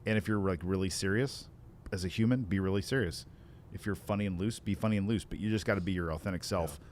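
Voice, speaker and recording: A man's voice: lowish voice, fairly even intonation, very fast, darkish tone, slight background noise. A middle-aged man co-hosting a conversational podcast as a sales consultant, joking, laughing easily and giving blunt advice.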